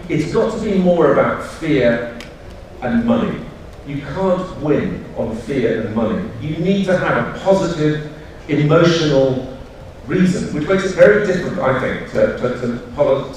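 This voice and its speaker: A British man speaks at a conference in a loose, storytelling way, pausing on fillers and correcting himself as he goes. He is heard from some way off the microphone, and his voice rings through a large, echoing auditorium over a faint hum of room ambience. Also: mid-range voice. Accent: British English. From United Kingdom. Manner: loose, anecdotal, frequent fillers and self-corrections. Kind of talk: live talk to an audience. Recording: echoey hall, speaker far from mic.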